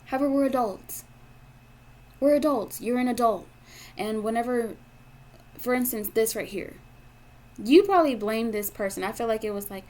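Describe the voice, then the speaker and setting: A woman's voice: on the high side, moderate pace, a little mellow. A woman giving a tarot reading to her audience, talking bluntly and with lots of profanity, repeating her points for emphasis. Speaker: tarot reader.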